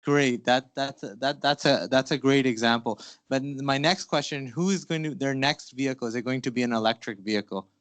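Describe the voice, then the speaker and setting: A man's voice: medium pitch, a little fast, few pauses, a bit bright, no room sound. A man moderating a conference panel, upbeat and enthusiastic, asking the audience questions with frequent fillers.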